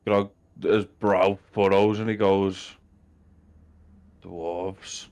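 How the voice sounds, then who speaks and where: A man voicing a gruff, blunt adventurer in a tabletop game, speaking low and quietly menacing. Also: flat delivery, slow. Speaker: player.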